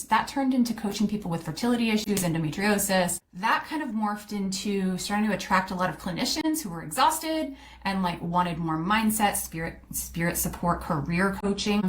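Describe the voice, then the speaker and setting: A middle-aged woman, hosting a podcast and telling her own career story casually and candidly, with many fillers and quick quotes of her past self. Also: medium pitch. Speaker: podcast host, coach.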